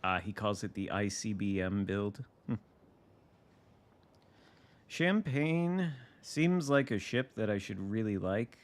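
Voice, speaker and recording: Low-voiced man musing over gameplay. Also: animated, slow pace, long pauses. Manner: dry, wry musing, thinking aloud. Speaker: game streamer. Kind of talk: casual live gameplay commentary.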